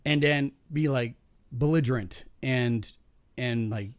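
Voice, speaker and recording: A man's voice: medium pitch, slow, no echo. A man in a casual podcast chat, telling profane, rambling stories from his jobs with frequent restarts and laughing at his own punchlines.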